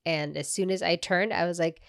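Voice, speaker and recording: A young woman co-hosting a podcast, telling a story in animated, casual talk and acting out quotes. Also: fairly low pitch, brisk, creaky, no room sound, studio quality. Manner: animated, swears, acts out quotes, laughs often. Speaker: podcast co-host.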